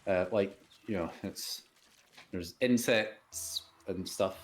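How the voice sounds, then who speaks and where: A man hosting a comedy stream, making up a story on the spot in a halting, rambling way and laughing at himself. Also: sits low. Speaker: host and storyteller. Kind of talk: improvised comedy narration.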